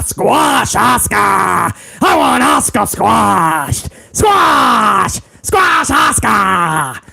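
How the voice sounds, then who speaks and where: Guy putting on a loud old boss guy, gravelly, yelling orders, voice jumping all over. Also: extremely high pitch, exaggerated voice. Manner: shouting, raspy, gleeful bellowing. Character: blustering old male company boss, bossy.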